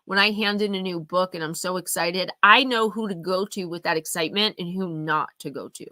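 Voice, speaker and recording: A woman's voice: on the low side, fairly quick, bright, forceful tone, no room sound, studio quality. A woman hosting a live oracle card reading, giving earnest, emphatic advice straight to her viewers. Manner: earnest, emphatic, confiding, speaks to viewers directly.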